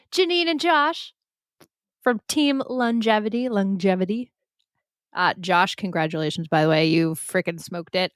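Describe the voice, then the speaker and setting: A female podcast co-host talking casually, a bit stuffy from a cold but still smooth and clear-toned, laughing often between upbeat remarks. Her voice sits dry and close to the mic. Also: medium pitch, a bit bright, dry recording. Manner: giggly, upbeat. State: congested from a cold. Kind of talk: casual chat.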